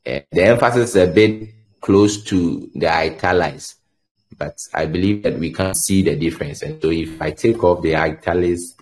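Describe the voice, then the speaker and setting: Slow, deep-voiced man teaching code. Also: a little mellow. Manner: halting, repeats words, thinks aloud while typing. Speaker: coding instructor. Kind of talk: screen-share tutorial explanation.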